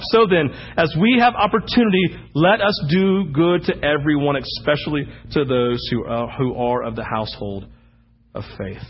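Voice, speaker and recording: A man preaching as the pastor, telling animated stories with sudden loud bursts. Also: fairly high pitch, breathy edge, muffled recording. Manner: animated storytelling, acting out anecdotes with sudden shouts. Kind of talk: sermon.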